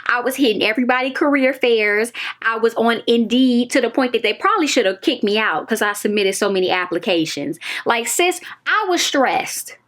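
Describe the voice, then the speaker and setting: Young woman, TV review vlogger, fairly high voice, emphatic, repeats herself, casual chat to viewers. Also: expressive, brisk, fairly bright tone. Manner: emphatic, repeats phrases, talks straight to viewers.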